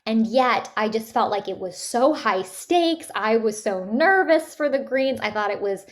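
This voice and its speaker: Slightly high and animated, this woman's voice moves at a measured pace. She's a voice actress from Canada, talking casually as a guest in an interview and often stopping to restart or fill pauses.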